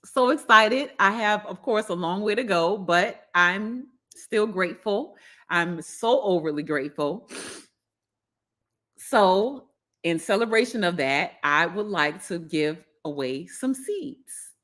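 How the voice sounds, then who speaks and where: Southern lady chatting slow on her garden livestream, gushing thanks over and over. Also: medium pitch, lively intonation. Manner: warm, effusive, repeats her thanks. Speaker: gardening channel host. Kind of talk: casual livestream chat.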